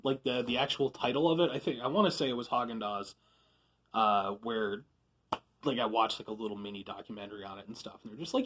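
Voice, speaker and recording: A man hosting a casual food review vlog from a room at home, rambling and self-deprecating, with sudden loud bursts of enthusiasm. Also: mid-range voice, quick pace, slightly rough.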